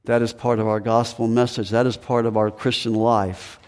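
Male pastor mid-sermon, chatty and emphatic, booming church reverb. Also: little pitch movement, normal speed. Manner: conversational preaching, pitch rises and drops for emphasis. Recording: long reverb of a large hall.

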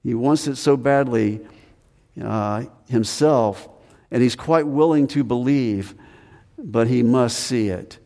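A male pastor delivers a sermon with a warm, mellow tone. His voice carries a long reverb, as if recorded in a church hall. He sometimes slips into the voices of the people in the scripture, raising his voice for them. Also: medium pitch, slow. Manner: acts out Thomas's lines with raised voice.

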